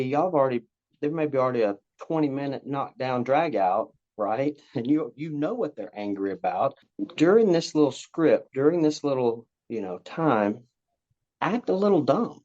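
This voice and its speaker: A man's voice: mid-range voice, expressive, normal speed, a little mellow. Rambling man explaining, slightly dull sound. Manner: rambling, repeats words, acts out parent and child lines. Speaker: guest, parenting coach. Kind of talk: casual conversational explaining.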